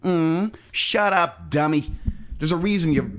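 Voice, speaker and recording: Podcast bit: man doing a snooty valley girl voice, drawling and dismissive, a touch high. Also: lively intonation, unhurried, a bit bright, a little hiss or hum. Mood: condescending. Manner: drawling, condescending.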